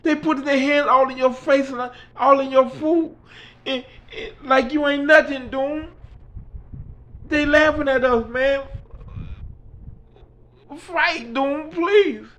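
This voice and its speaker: A man voicing a young male college friend who pleads in a high, tearful voice. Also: sing-song, measured pace, a bit bright, full character voice. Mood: pleading.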